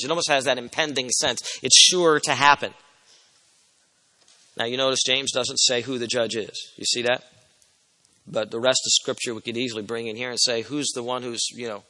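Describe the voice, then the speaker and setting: A man preaching an expository sermon as a pastor, emphatic, swinging from loud stresses to quiet asides. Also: mid-range voice, in a large hall, low-quality recording.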